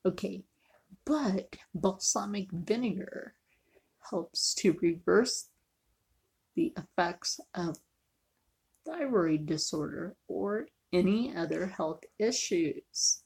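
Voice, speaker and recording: A woman's voice: mid-range voice, expressive, slow, creaky, darkish tone, breathy edge. A woman chatting casually in a cooking vlog, joking and often dropping to a near whisper. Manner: chatty, jokey, sometimes drops to a near whisper. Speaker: vlogger.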